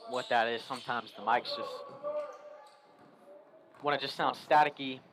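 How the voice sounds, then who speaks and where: A man's voice: mid-range voice, fairly even intonation, moderate pace, crowd noise, rough recording. A young man doing chatty, lightly joking play-by-play commentary for a school basketball game. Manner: chatty, lightly joking, talks while eating. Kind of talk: local sports commentary.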